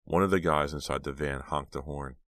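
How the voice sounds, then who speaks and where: Brief: male audiobook narrator, extremely low voice, measured storytelling, dry booth sound. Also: steady tone, fairly bright tone, no room sound. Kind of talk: scripted narration.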